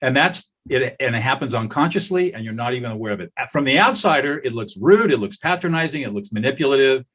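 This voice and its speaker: An older man, a conflict mediator, talking in a podcast interview and telling stories with lively acted-out quotes. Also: medium pitch, quick pace, hardly any pauses. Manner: animated storyteller, acts out quoted voices.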